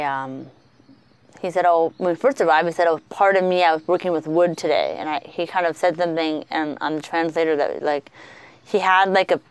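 A woman co-hosting a podcast, telling travel stories in a chatty, animated way with lots of fillers. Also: low voice, clear, resonant tone, no echo. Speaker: podcast co-host. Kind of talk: casual travel storytelling.

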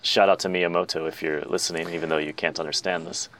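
Guy cohost tossing in quick jokes, very deep but bright, forceful tone. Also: level tone, a little hiss or hum. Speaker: podcast co-host. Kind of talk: casual chat.

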